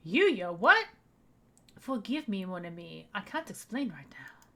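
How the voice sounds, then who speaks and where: A woman voicing a courtly male pigeon gentleman in a deliberately bad, exaggerated French accent. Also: a little high, expressive. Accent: fake French.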